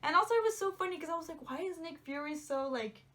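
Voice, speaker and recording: A woman's voice: very high-pitched, lively intonation, fast talker, a bit bright. A young woman chatting casually in a movie review, gushing and giggly, rambling with lots of "like"s. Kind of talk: casual spoiler review chat.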